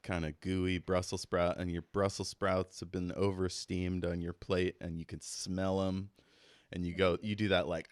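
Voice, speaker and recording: A man's voice: low voice, little pitch movement, moderate pace, clean tone, dry recording. A man narrating as keeper of a tabletop game, laid-back and rambling with fillers.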